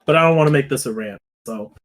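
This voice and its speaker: A man's voice: mid-range voice, fast. A young man co-hosting a podcast, telling rambling, profane stories that drift into rants. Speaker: podcast co-host. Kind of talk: casual chat.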